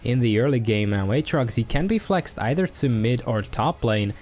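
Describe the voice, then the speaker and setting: A man's voice: medium pitch, lively intonation, normal speed, a little mellow. A man casting an esports match, breaking down picks and teasing his co-caster.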